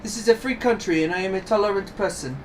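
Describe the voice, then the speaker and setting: A man's voice: high voice, fast, recorded from a distance, a little hiss or hum, pitched above the performer's own voice, close to an everyday voice. A man voicing a sly, unflustered Cockney brothel madam, reading game dialogue aloud in a chirpy, evasive manner. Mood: cheeky, evasive.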